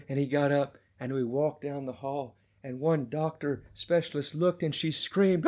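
A middle-aged man preaching a sermon, telling a testimony with passion and swinging between hushed and loud delivery. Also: fairly high pitch, animated, moderate pace.

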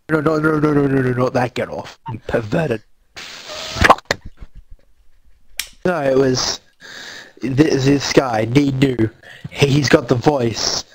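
An Australian man rambles through a casual gaming voice chat, crude and quick to swear. His voice sits at an ordinary middle pitch and comes over a headset mic with a faint hiss behind it. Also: low-quality recording. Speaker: gamer chatting with friends.

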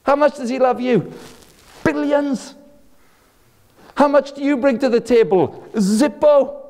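A man giving an energetic, jokey sermon-style talk at an event. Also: extremely high pitch, takes it slowly. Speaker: speaker.

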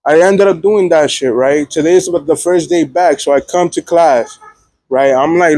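Fast, profane New guy telling a story. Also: fairly high pitch, dry recording. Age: young adult. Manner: animated, profane, keeps checking in with 'feel me', 'right?'. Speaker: vlogger, college student. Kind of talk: casual storytelling vlog.

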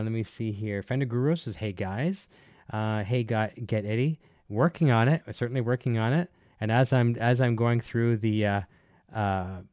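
A man hosts a relaxed live stream from his home setup and chats loosely with his viewers. His voice sits a little low, smooth and clean. It is recorded close and dry, with no room sound. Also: no room sound. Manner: chatty, reads chat messages aloud, many fillers. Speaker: livestream host. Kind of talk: casual live-stream chat. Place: home studio.

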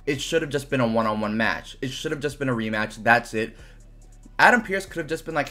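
A man's voice: medium pitch, expressive, brisk, sharp tone, faint music behind. A young man giving a casual, frustrated review of a wrestling event, ranting animatedly and swearing often.

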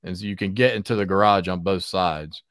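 Lowish-voiced man telling animated stories. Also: brisk, no room sound, clean studio sound. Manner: animated storyteller, laughs often. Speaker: podcast host and barber. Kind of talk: casual podcast conversation.

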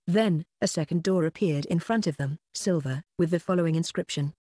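An audiobook narrator giving a steady, scripted reading of a fantasy novel. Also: medium pitch, a little fast, hardly any pauses, dry recording, clean studio sound.

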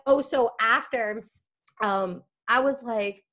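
A woman's voice: a little high, slow pace. A young woman guest on a podcast telling a story in casual chat, acting out the dialogue as she goes. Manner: animated, acts out quoted dialogue, laughs often.

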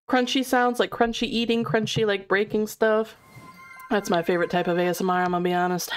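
A young woman talking through a game on a live stream from her home setup, close to a desk mic. She chats freely with her viewers, laughs easily and lets curses slip without a second thought. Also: mid-range voice. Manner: chatty, laughs easily, swears casually, talks to chat. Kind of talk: live-stream gameplay commentary. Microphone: desk microphone.

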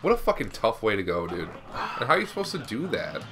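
A young man hosts a co-op game session in a bright, forward voice, teasing his partner with profane banter. His pitch swings widely as he laughs and yells, with faint game music behind him. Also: huge pitch swings, fast. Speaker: let's play host. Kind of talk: casual gaming commentary.

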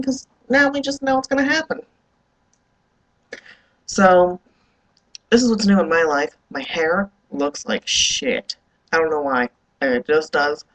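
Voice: medium pitch, a bit bright, poor audio. Groggy young vlogger rambling at dawn. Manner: rambling, loose and swearing. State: up early and groggy. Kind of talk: casual video diary.

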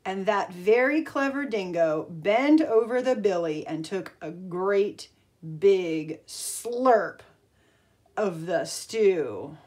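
Lively, expressive woman teacher. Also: mid-range voice, takes it slowly. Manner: expressive storyteller, pointing out pictures. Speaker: art teacher. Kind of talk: reading a picture book aloud and teaching an art lesson.

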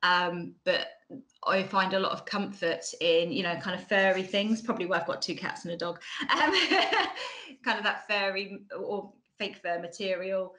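Woman, 40s, Bracknell Mockney accent, bright and lowish voice, chatty conference speaker on a laptop mic. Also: steady tone, normal speed, rough recording. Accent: Bracknell, Mockney-like estuary. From England. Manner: chatty, frequent ums and restarts. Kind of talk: online conference talk.

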